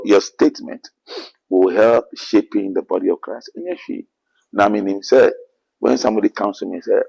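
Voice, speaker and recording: Gravelly deep Ghanaian preacher man. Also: steady tone, moderate pace, dark tone, poor audio. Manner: earnest, quotes scripture, rising to emphatic bursts. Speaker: apostle being interviewed. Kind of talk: preachy interview answers.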